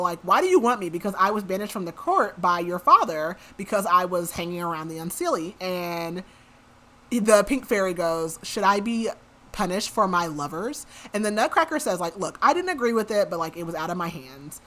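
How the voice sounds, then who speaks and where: A woman with a lower, somewhat bright voice hosts a podcast, casually walking through a novel's plot. She keeps it chatty, says "like" often, and reads the characters' lines in her normal voice.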